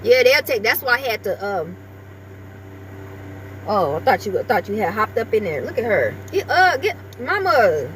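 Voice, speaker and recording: A woman's voice: medium pitch, expressive, normal speed, long pauses, a bit bright, slight background noise. A woman vlogger chatting casually with her viewers and breaking off now and then to talk to her small dog.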